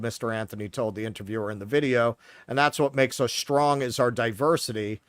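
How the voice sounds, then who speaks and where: A man with a Queens, New York accent co-hosts a political talk podcast, offering casual commentary that's heated, sarcastic and full of swearing. His voice is mid-range, recorded in studio quality with no room sound.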